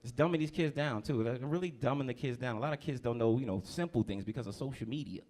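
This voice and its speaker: A man's voice: medium pitch, quick pace, darkish tone. A man in his thirties from New Jersey doing a stand-up set in a comedy club, brash and profane, working the crowd.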